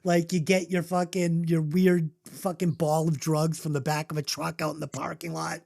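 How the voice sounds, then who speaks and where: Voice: medium pitch, normal speed, gravelly. A podcast co-host in casual chat, swearing freely and sarcastic about the music. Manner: profane, animated, sarcastic. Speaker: podcast co-host reviewing albums.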